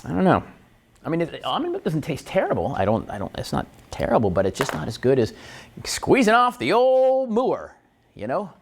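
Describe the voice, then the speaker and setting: Animated punning morning show host, a man. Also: medium pitch, fast talker, creaky, background noise. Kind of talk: jokey morning show chat.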